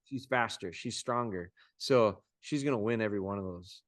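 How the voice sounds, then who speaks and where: A man coaching dog owners over a video call, talking in an informal, folksy way with quick restarts. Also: lowish voice, a little hiss or hum. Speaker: dog trainer coaching clients.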